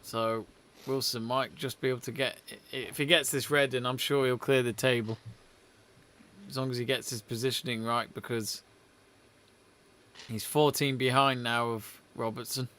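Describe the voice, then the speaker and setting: This male co-host keeps a sports watch-along chatty, reading viewers' messages aloud and laughing frequently in casual live commentary. He has a mid-range, fairly bright voice with fairly even intonation and a normal pace.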